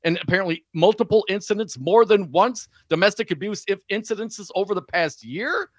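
A man co-hosting a talk radio show, indignant and excitable, tripping over repeated words. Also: high-pitched, fairly quick, hardly any pauses, no room sound, studio quality. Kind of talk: opinionated talk radio banter. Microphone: studio microphone.

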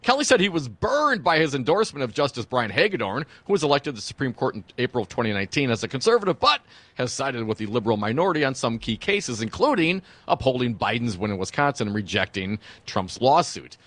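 A man's voice: mid-range voice, very animated, fast talker, a bit bright, no echo. A man co-hosting political talk radio, reading news with blunt, wry remarks. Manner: blunt, wry commentary with frequent "uh" fillers.

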